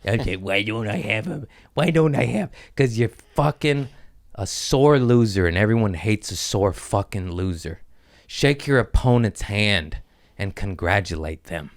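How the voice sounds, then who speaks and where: Lower-voiced male podcast host, loud, profane, rambling, laughs at his own bits. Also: lively intonation, unhurried. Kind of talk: casual profane podcast rant. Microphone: studio podcast mic.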